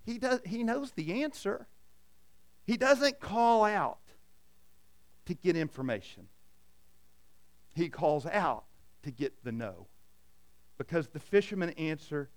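Male pastor, middle-aged, high and smooth voice; dynamic sermon delivery that rises loud and drops to a hush. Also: big pitch swings, takes it slowly, pauses often. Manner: dynamic preaching, swings from loud emphasis to hushed.

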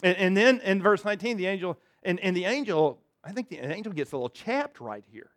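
Male pastor, sermon, high-pitched voice, conversational, animated retellings. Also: fairly quick, dry recording, clean studio sound. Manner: conversational, acts out quotes, repeats words.

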